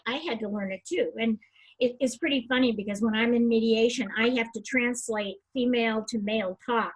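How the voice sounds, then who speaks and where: A woman's voice: on the high side, slightly rough, poor audio. An older woman hosting an interview, a lawyer and mediator who frames her questions with her own experience.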